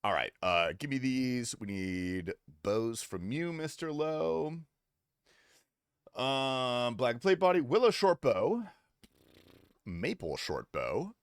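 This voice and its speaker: A man's voice: medium pitch, big pitch swings, takes it slowly, smooth, dry recording. A young adult man streaming a game, talking casually with loose, profane, teasing banter to his chat on a close desk mic. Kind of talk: casual gaming livestream commentary.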